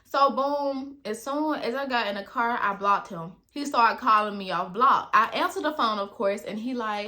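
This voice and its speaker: Brief: young woman vlogger, crisp bright tone, slightly high voice, lively slangy storytelling. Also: moderate pace, few pauses. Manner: animated, slangy, talks straight to viewers. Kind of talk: casual story time.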